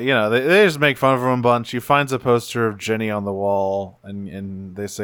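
A man's voice: lowish voice, fairly even intonation, brisk, hardly any pauses, a bit bright, clear, resonant tone, no room sound, clean studio sound. A man casually recapping a cartoon episode on a podcast, rambling and swearing as he acts out bits. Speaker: podcast co-host.

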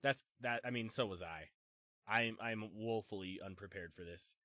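A man co-hosting a podcast in casual chat, easygoing and quick to laugh, with casual swearing. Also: lowish voice, bright, forceful tone, dry recording, studio quality. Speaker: podcast co-host.

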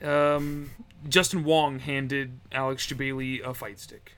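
A man's voice: medium pitch, flat delivery, slow pace, a bit bright, smooth. A man co-hosting a casual wrestling podcast, rambling and joking with frequent laughs. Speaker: podcast co-host.

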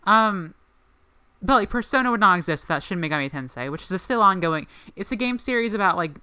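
A woman's voice: mid-range voice, expressive, quick pace, bright, forceful tone, clean tone, dry recording. A woman co-hosting a podcast in casual chat, rambling with lots of "like" fillers. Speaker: podcast co-host.

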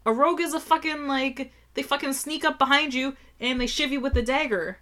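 Young woman chatting about beer, bright tense voice, lots of "like", stops and restarts. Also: high voice. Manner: halting, full of "like" fillers. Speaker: co-host beer reviewer. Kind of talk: casual chat.

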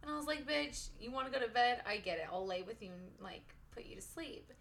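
Bright-voiced young woman chatting. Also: fairly high pitch, lively intonation, fairly quick, gravelly, slight background noise. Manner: chatty, reacting and interjecting. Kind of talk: casual chat.

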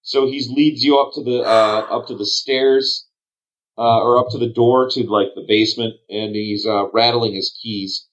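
A man narrating as game master in a tabletop role-play game, rambling and pausing to search for words. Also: mid-range voice, steady tone. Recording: dull lo-fi sound.

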